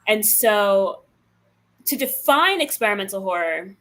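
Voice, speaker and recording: A woman's voice: mid-range voice, animated, unhurried, a bit bright. A woman from New York, a filmmaker answering interview questions casually, thinking aloud with fillers. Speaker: filmmaker guest.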